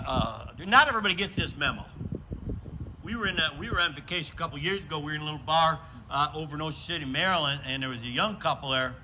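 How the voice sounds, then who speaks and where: Older male stand-up comic with a lively, slightly high voice, deadpan delivery, taped outdoors with noise behind. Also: low-quality recording. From western New York. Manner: deadpan storytelling with acted dialogue bits. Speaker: stand-up comedian. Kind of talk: stand-up comedy set. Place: outdoor show with a live audience.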